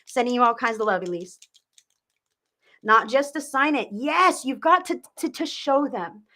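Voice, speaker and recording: Speaking at normal speed in a high, fairly bright voice, a psychic reader does a live-streamed session. She's warm and talkative, calls people sweet names, and follows each point with a quick "okay?"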